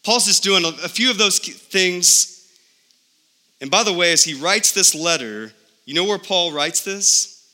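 A man's voice: high voice, expressive, unhurried, bright, forceful tone. A man preaching a sermon as a pastor, emphatic and full of rhetorical questions. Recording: long reverb of a large hall.

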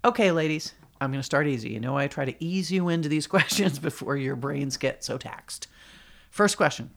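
A woman's voice: sits low, expressive, normal speed, gravelly. A middle-aged woman hosting a podcast, chatting casually and laughing easily. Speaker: podcast host. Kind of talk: casual chat.

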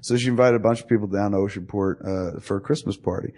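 A man telling a long story to a friend in casual talk, profane and animated, acting out both sides of the dialogue. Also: lowish voice, quick pace.

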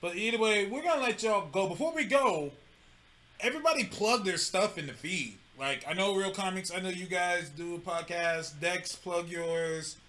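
A man's voice: high voice, moderate pace, bright, forceful tone. A man co-hosting a comics podcast, chatting in a laid-back, giggly way. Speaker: podcast co-host. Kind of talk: casual chat.

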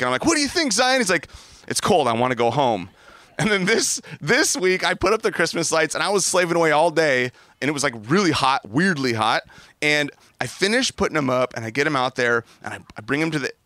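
A man in his thirties, a pastor preaching outdoors by the water, telling lively family stories and doing playful voices for his kids. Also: medium pitch, fast talker, dry recording. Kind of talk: sermon. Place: outdoors by a large body of water.

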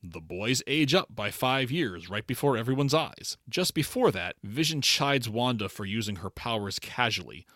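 A man's voice: mid-range voice, lively intonation, moderate pace, fairly bright tone, dry recording, studio quality. A man co-hosting a podcast, giving a chatty, opinionated episode recap and laughing now and then. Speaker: podcast co-host.

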